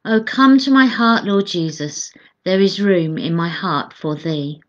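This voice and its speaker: A woman's voice: on the low side, measured pace, muffled recording. A woman co-leading midday church prayers, chatting with dry humour and reading scripture aloud.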